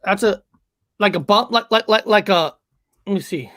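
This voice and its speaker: A man's voice: sits high, normal speed, pushed and bright. A man in casual chat as a podcast co-host, stammering and prodding with questions.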